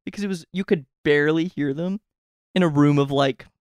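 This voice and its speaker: A young adult man co-hosting a podcast, excitedly telling stories and laughing along in casual chat. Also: fairly high pitch, a little fast, clear, resonant tone, dry recording, studio quality. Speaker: podcast co-host.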